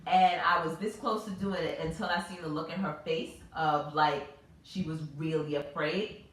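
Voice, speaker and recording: A woman in her thirties hosts a casual chat, telling stories with animated expression. Her voice sits a little low. She is picked up by a far-off mic in a strongly echoing room. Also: moderate pace. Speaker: host.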